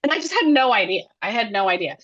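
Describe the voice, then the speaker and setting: A woman who directs and produces children's television, chatting as an interview guest in a chatty, animated way with many fillers. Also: a little high, quick pace, highs cut off. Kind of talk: casual interview chat.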